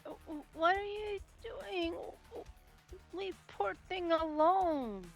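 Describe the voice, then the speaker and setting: A woman's voice: very high voice, takes it slowly, creaky, soft background music, voice pushed up, exaggerated voice. A woman voicing a timid young adventurer who stammers when she talks. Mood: flustered.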